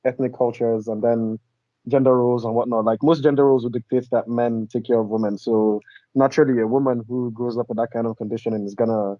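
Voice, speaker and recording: A man on a casual podcast explaining his view calmly and with reasons. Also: medium pitch, fast, dry recording. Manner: calm, reasoned, explains with examples. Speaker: podcast co-host. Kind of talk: casual chat. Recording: dull, slightly lo-fi dry sound.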